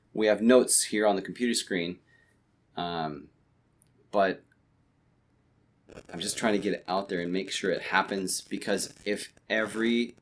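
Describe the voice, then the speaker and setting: Late at night at home, a podcast co-host with a fairly low voice talks through his plans in a relaxed, casual chat. He rambles, often restarts his sentences, and uses plenty of fillers.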